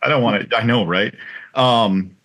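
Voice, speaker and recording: A man's voice: lowish voice, normal speed, fairly bright tone. A man from Idaho hosting a podcast, speaking in a friendly way with frequent "um"s. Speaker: podcast host.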